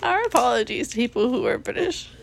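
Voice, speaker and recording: A woman's voice: fairly high pitch, big pitch swings, fast talker, gravelly, a little hiss or hum. A young woman co-hosting a casual movie podcast on a phone mic at home, self-deprecating and swearing, with many fillers. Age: young adult. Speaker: podcast co-host. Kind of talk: casual chat.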